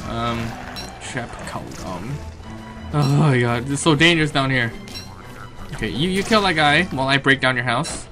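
A man doing let's play commentary, excitable and swearing at enemies, then thinking aloud about his plans. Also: mid-range voice, moderate pace, music in the background. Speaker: gaming commentator.

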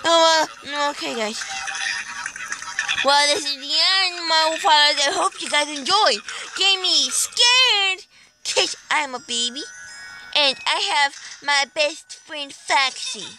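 A female gaming YouTuber talks in a high, babyish voice during casual gameplay commentary. She speaks unhurriedly and gets excitable. Loud game music plays behind her the whole time. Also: a little slow, low-quality recording.

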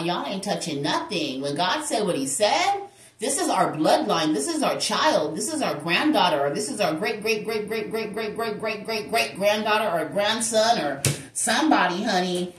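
Animated, sassy woman tarot reader in an echoey room. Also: high-pitched, far from the mic. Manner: animated, sassy, preacher-like, acts out voices in quotes. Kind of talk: spiritual tarot reading to the viewer.

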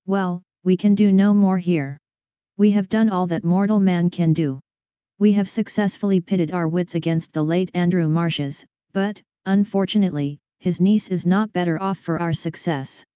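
Woman reader doing a fussy, excitable male detective, exclamatory, lowish dark voice, dull lo-fi audio. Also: moderate pace, dry recording, lightly acted. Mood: rueful. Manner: exclamatory, peppered with French words. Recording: dull lo-fi recording.

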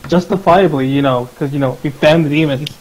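A man's voice: on the high side, brisk, slightly rough, low-quality recording. Casual male tabletop player. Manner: casual, hesitant. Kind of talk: tabletop role-play.

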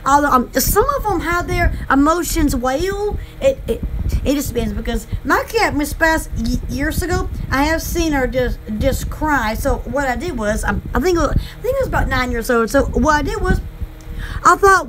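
A woman's voice: sits high, animated, moderate pace, background noise. A woman hosting a casual livestream chat, rambling and giggly with lots of fillers and folksy rural slang. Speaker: channel host and small shop owner.

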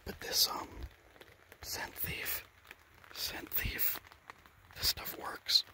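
Hidden in an outdoor blind, a bear hunter whispers excitedly for his hunting vlog, shaking with adrenaline and speaking very slowly. The clip is captured on a handheld camera.

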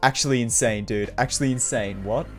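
Young Australian male streamer, lively swinging delivery, live play-by-play, faint music underneath. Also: medium pitch, moderate pace. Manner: excitable, reacting aloud with frequent laughs and slang. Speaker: game streamer. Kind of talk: live gameplay commentary.

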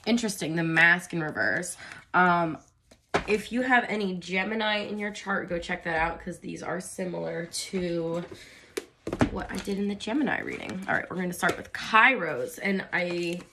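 A woman's voice: fairly low pitch, moderate pace, background noise. Nasal woman with a cold reading tarot. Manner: chatty, calls listeners darling. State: congested with a cold. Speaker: tarot reader.

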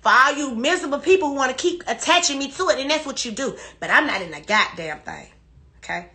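A woman's voice: sits high, lively intonation, fast talker, pushed and bright. A woman crying while she rants defensively and profanely on a phone livestream, repeating herself. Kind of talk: emotional live-stream rant.

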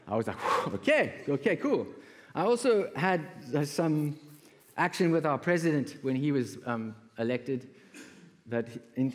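South African man speaking in a reverberant hall. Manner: humorous, acts out callers' voices with big pitch jumps. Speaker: conference speaker. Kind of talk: storytelling keynote talk. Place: large conference hall.

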